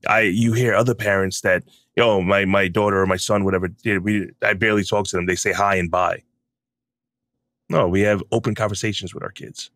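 A man's voice: lowish voice, steady tone, a little fast, a bit bright. A middle-aged man, a podcast guest, speaking emphatically in casual conversation. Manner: emphatic, opinionated.

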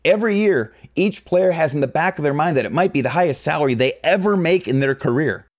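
A man's voice: on the high side, fast talker. A man narrating a video essay from a script, reading passages from an old book aloud. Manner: animated, reads book quotes with dialogue voices.

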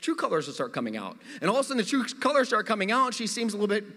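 Middle-aged male pastor, bright high voice, lively and funny, church hall reverb. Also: very fast. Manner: animated storytelling with humor. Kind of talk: sermon. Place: church sanctuary.

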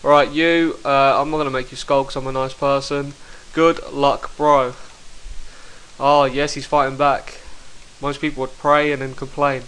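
Young man, gaming commentary, excitable, profane, headset mic. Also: mid-range voice, measured pace, clean tone, poor audio. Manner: excitable, swears, bursts into shouts. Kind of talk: live gameplay commentary.

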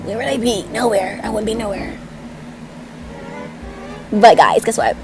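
A young woman vlogging to camera in a chatty, excitable way, gushing and rambling as she says "like" a lot. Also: medium pitch, measured pace, music in the background. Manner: excitable and gushing, leans heavily on "like"; chatty, rambling and self-correcting. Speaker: YouTuber. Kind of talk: casual vlog to camera.

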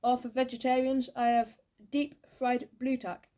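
A grasping old dinner lady, all sugary kindness one moment and bossy bark the next, as a woman reading the book puts her on. Her voice sits a little high. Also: flat delivery, a little slow. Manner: loud bossy calls, then sugary kindness.

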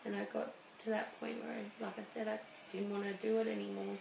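A woman, a guest speaking emotionally and haltingly about her own life. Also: medium pitch, little pitch movement, vocal fry, darkish tone. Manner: halting and emotional, many restarts. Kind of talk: personal interview. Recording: roomy studio with faint hiss.

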